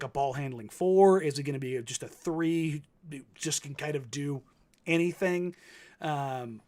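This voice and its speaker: A man in his thirties, co-hosting a casual sports talk show, telling stories with many fillers and restarts. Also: a little high. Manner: rambling, filler-heavy storytelling. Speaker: co-host.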